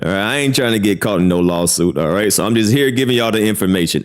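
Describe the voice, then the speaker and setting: A man with a fairly low voice hosts a relaxed livestream news commentary. He hedges every claim and keeps checking in with "all right" and "right?". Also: fast, few pauses, smooth. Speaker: commentary channel host.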